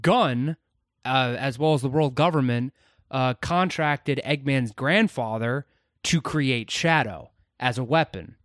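Man, casual podcast chat, lore explainer, hedging, mid pitch, dry recording. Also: takes it slowly, fairly bright tone, no echo. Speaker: podcast co-host.

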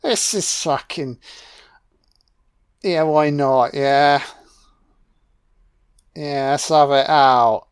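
A man's voice: a little high, very slow, pauses often, smooth, dry recording, clean studio sound. A man giving a sarcastic, mocking film commentary rant and swearing constantly.

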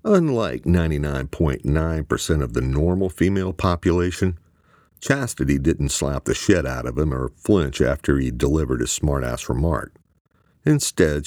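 A man reads an audiobook in a very deep voice that rises and falls with lively expression. His narration is crude and vivid. The sound is close and dry. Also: no room sound.

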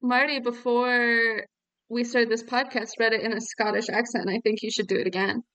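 A woman co-hosting a podcast, trading dry, teasing jokes. Her voice sits a little above the usual pitch for a woman. The mic is close and dry, with no room sound. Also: moderate pace, no room sound, low-quality recording. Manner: teasing, deadpan banter. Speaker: podcast co-host. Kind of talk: casual podcast chat.

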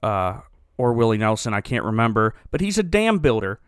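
A man's voice: fairly low pitch, sing-song, fairly quick, smooth, no room sound, studio quality. A man hosting a comedy podcast, retelling a movie plot in a rambling, sarcastic way and often correcting himself.

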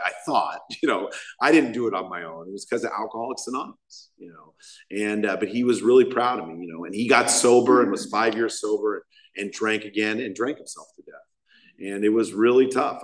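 A man's voice: fairly low pitch, fairly bright tone. A middle-aged man, the main speaker at a recovery meeting, telling his story in a rambling, self-deprecating way with chuckles. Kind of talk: personal recovery share, casual storytelling.

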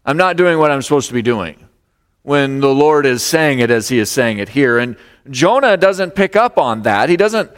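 A man of middling pitch preaches from the pulpit, his voice carrying a long reverb through the sanctuary. He is expressive, rising and pressing as he acts out the story's exchanges for his congregation. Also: normal speed, smooth. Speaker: pastor. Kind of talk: sermon.

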